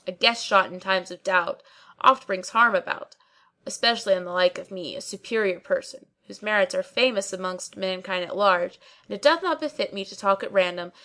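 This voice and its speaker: A woman's voice: mid-range voice, a bit bright, natural voice. A woman voicing a garrulous, pompous old male barber who talks on and on, full of pious sayings. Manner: long-winded, pious, quoting sayings.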